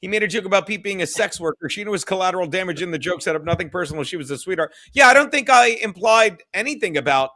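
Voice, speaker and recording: A man's voice: high-pitched, expressive, fast talker, hardly any pauses, bright, forceful tone. A man hosting a casual livestream chat, loose and profane, reading viewer comments aloud. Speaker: livestream podcast host.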